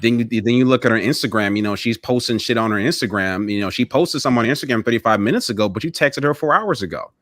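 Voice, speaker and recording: Dude telling a story to the guys, earnest, keeps restarting, dry mic, middle pitch. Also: male voice, quick pace, hardly any pauses, fairly bright tone, dry recording. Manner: earnest second-person storytelling with many restarts. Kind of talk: casual chat.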